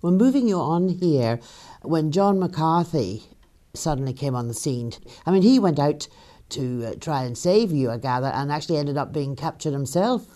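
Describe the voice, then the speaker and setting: A woman interviewer gently probes her guest with questions and leads him on from one topic to the next. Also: low voice, lively intonation, moderate pace. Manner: gently probing, leading the guest on. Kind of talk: radio-style interview questions.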